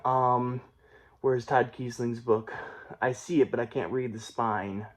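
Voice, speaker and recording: A man's voice: mid-range voice, fairly even intonation, measured pace. A young man talking casually about his new books, rambling with many fillers and restarts, and a mild stutter. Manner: rambling, with fillers and self-corrections. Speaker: book vlogger.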